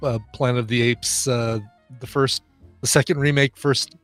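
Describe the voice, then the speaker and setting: A man's voice: mid-range voice, fairly even intonation, moderate pace, fairly bright tone, faint music behind. A man co-hosting a casual podcast, rambling and jokey and trailing off into fillers. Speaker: podcast co-host.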